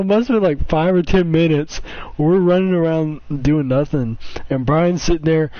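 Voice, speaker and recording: This young streamer's voice is on the high side, steady, slightly mellow, and measured in pace, on a dry recording with dull lo-fi sound and faint hiss. Reacting to old clips, he chats with a friend and tells stories laced with swearing and giggling.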